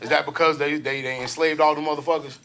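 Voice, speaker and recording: A man hosting a casual podcast, loud, profane joking banter on a close studio mic. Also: fairly high pitch, steady tone, fast, a crowd in the background. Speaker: podcast host.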